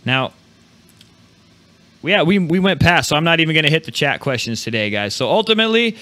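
A man hosting a live video podcast, talking loosely and excitedly, swearing freely. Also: a little high, brisk. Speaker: podcast host. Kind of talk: casual live podcast chat.

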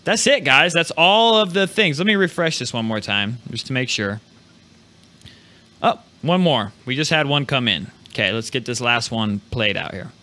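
Bright-voiced excitable podcast host man. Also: medium pitch, normal speed. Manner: loose, excitable, swears freely. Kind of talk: casual live podcast chat.

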